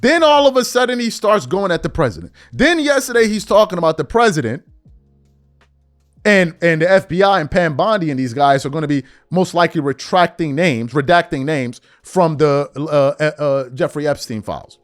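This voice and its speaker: A man's voice: a little high, expressive, moderate pace, no echo, studio quality, faint music behind. A middle-aged man hosting a political commentary monologue, incredulous and full of rhetorical questions.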